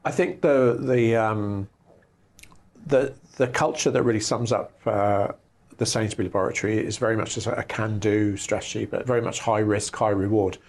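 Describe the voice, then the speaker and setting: Gravelly low-voiced man explaining earnestly. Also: normal speed, darkish tone. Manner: earnest, explains in long careful sentences. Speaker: lab executive director and scientist. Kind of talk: interview answers.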